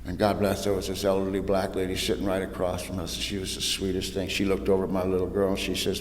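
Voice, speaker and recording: A man with a lowish voice shares his recovery story from a podium. He mixes joking asides with plain, hushed honesty. The sound is roomy, with a long hall echo and faint background noise. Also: completely flat delivery, quick pace, hardly any pauses. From Southern California. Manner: humorous storytelling, drops soft and low for painful parts; casual southern-tinged slang, "ain't", "y'all". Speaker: recovery meeting speaker. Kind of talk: personal testimony talk.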